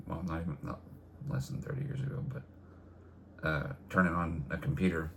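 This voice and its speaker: A man's voice: low voice, expressive, normal speed, vocal fry, fairly bright tone, slight background noise. A man co-hosting a casual podcast, blunt and opinionated in his talk. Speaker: podcast co-host. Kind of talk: casual chat.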